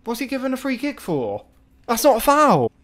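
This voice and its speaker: A man's voice: very high-pitched, huge pitch swings, normal speed, a bit bright. Male gamer, live commentary, exasperated outbursts, swears freely. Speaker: gaming video creator. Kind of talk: live gameplay commentary to chat.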